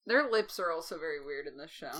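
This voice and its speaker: A woman's voice: low-pitched, expressive, fast, a bit bright. A woman co-hosting a podcast, chatting casually and giggling about a cartoon. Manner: giggly, chatty, many fillers. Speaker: podcast co-host. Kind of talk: casual chat reviewing a cartoon.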